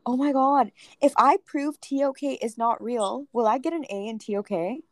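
A teenage girl with an American accent, co-hosting a casual podcast chat and rambling through jokes and quick asides. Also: on the high side, no room sound. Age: teens. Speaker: podcast co-host.

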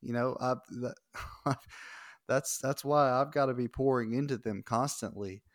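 A man in his thirties, a podcast guest chatting casually, self-deprecating and quick to laugh. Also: medium pitch, dry recording, clean studio sound. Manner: self-deprecating, laughs often, stumbles and restarts. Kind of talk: casual chat.

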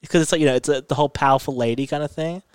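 A man in casual chat, retelling a TV episode in a rambling, animated way, full of "like" and restarts. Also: on the high side, racing, clean tone, no echo, studio quality.

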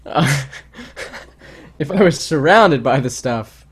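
A man's voice: fairly high pitch, lively intonation, slow pace, fairly bright tone, husky. A man co-hosting a casual podcast chat, rambling and hesitant, full of restarts and fillers. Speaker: podcast co-host.

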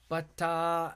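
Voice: medium pitch, clean tone, no echo. A podcast host who reads news articles aloud in a casual way, with many fillers, restarts, offhand asides and frank swearing. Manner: offhand asides between read passages.

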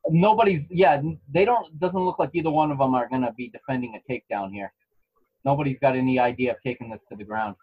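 A man co-hosting a podcast, giving relaxed play-by-play of a fight with restarts and chuckles. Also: mid-range voice, fast, slightly rough, dull audio. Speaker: podcast co-host commentating a fight. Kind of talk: casual live fight commentary. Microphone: home microphone.

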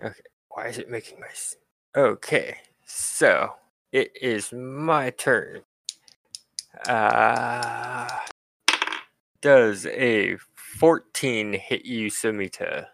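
A man's voice: medium pitch, extremely slow, gravelly, fairly bright tone, a little hiss or hum. A man running a tabletop game over an online voice call, laid-back with laughing asides. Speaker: game master.

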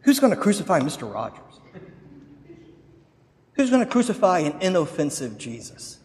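Preacher in an echoing hall. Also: male voice, on the high side, huge pitch swings, normal speed, darkish tone. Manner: dramatic storytelling with acted quotes. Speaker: pastor. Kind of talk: sermon.

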